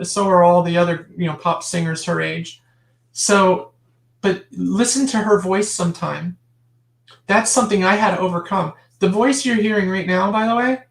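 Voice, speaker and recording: A woman's voice: lowish voice, gravelly. A woman guest talking in a casual interview, emphatic and impassioned, often restarting her sentences and adding asides. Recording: roomy echo.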